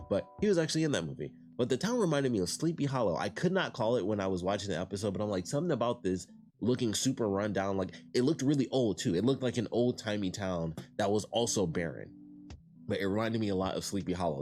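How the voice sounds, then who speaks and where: A man casually reviewing an animated series, retelling scenes in a rambling way and quoting lines in his own voice. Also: on the low side.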